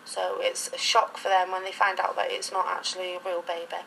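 A woman's voice: lowish voice, flat delivery, a little fast, vocal fry, a bit bright, a little hiss or hum, low-quality recording. A middle-aged woman talking casually in an interview, rambling through anecdotes in a chatty way. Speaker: interviewee, reborn doll collector.

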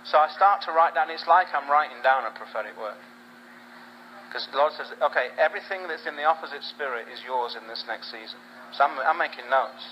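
A man preaching, telling a story with lively humor and acting out a phone conversation. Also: medium pitch, muffled recording, a little hiss or hum. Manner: animated storyteller, acts out phone dialogue with humor. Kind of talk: sermon storytelling.

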